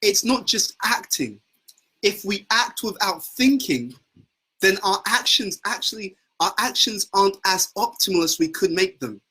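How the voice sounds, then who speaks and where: A man's voice: high voice, animated, measured pace, pushed and bright, breathy edge, poor audio. A man giving an earnest devotional talk as a spiritual teacher, often repeating words as he searches for phrasing. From United Kingdom.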